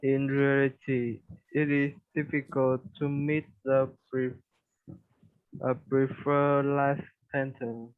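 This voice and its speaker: A man student reading English words and sentences aloud haltingly, with many fillers, over a call. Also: medium pitch, little pitch movement, clear, resonant tone. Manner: hesitant, reads word by word with fillers. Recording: tinny phone-like call audio.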